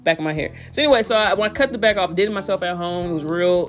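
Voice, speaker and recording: A woman's voice: on the low side, quick pace. Profane slangy young woman telling stories. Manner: animated, profane, slangy storytelling. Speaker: podcast host. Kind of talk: casual storytelling. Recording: faint guitar music behind.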